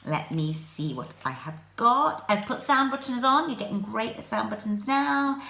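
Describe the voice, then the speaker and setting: A woman teaching phonics to young children, sounding out letters slowly and clearly, with an English accent. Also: fairly high pitch, expressive, sharp tone, reverberant, a little hiss or hum.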